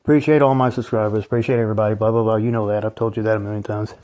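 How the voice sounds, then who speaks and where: A man's voice: lowish voice, fairly even intonation, racing, a little mellow. A man hosting his own channel, ranting bitterly about life with lots of swearing and scornful laughs. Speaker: channel host. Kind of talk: angry ranting vlog.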